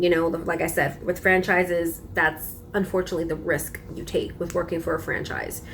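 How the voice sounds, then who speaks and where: A young woman vlogger telling a personal story in a casual, animated, emphatic way. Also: lowish voice, slight background noise. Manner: animated, emphatic retelling with frequent laughs.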